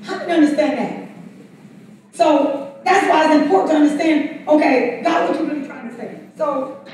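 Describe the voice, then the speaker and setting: A woman teaching a Bible study, conversational and quick to laugh, drawing responses from the congregation. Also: sits high, darkish tone. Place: church sanctuary. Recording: very echoey room from far off.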